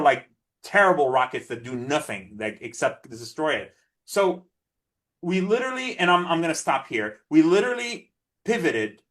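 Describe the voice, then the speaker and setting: A man of the Palestinian diaspora giving a passionate interview as a guest, animated, full of restarts and mocking quoted voices. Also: on the high side. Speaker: interview guest, peace advocate. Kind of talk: impassioned interview talk.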